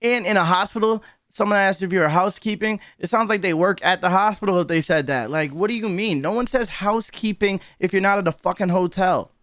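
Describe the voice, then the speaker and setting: A man's voice: high-pitched, a little fast, hardly any pauses, a bit bright, no echo, studio quality. A man giving casual reaction commentary, heated and profane, openly disbelieving what he hears.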